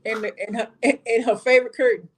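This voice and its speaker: Lively woman guest telling stories. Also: on the high side, fast, husky. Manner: lively storyteller, playful exclamations. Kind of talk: casual chat.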